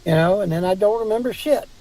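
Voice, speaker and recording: A man with a high, mellow voice chats casually on a livestream from home, rambling between comments. He keeps breaking off to talk baby talk to his dog.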